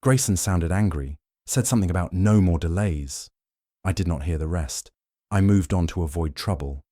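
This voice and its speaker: Picture a man doing a frightened train conductor in an audiobook. He answers in a hesitant, anxious way, in a low voice set a little higher than his narration, recorded dry and close. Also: normal speed, warm tone, no echo. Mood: fearful.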